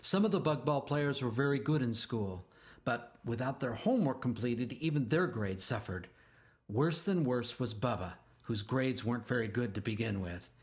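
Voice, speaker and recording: Man reading a children's storybook aloud. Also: medium pitch. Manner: expressive, slows down for emphasis. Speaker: narrator.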